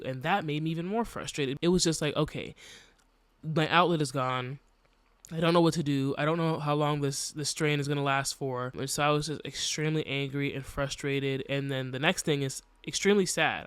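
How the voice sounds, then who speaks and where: A man's voice: fairly high pitch, fairly bright tone, clear, resonant tone, dry recording. A young man hosting a podcast, talking candidly and reflectively about his own experiences, with a casual, filler-heavy delivery. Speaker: podcast host. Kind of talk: personal podcast monologue.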